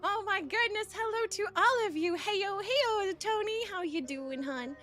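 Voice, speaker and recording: A woman's voice: extremely high pitch, lively intonation, unhurried, a bit bright. A woman live-streaming, bubbly and affectionate, greeting her chat by name with pet names and sometimes talking while eating. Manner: chews food while talking. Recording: faint music behind.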